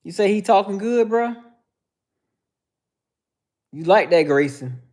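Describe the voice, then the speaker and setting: A man hosts a livestream, riffing bluntly and jokingly while he shouts out viewers. His voice sits high for a man. It swings up and down a lot as he talks. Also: animated, takes it slowly. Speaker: host. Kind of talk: livestream commentary.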